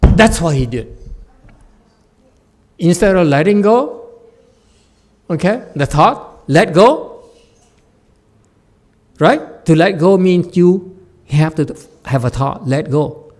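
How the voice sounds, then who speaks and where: A meditation teacher gives a Buddhist dharma talk in a slightly high, slow voice that pauses often. He's an animated storyteller, laughing often and acting out the voices.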